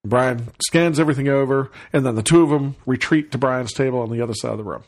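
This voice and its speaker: A man hosting a podcast, telling a casual anecdote in an animated way, acting out the people he quotes and chuckling often. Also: mid-range voice, quick pace. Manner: chuckles often while talking. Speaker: podcast host.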